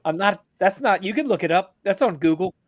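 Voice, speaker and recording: Animated, profane veteran ranting. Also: male voice, high voice, brisk, dry recording, clean studio sound. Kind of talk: casual podcast rant. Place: abroad, remote from the hosts.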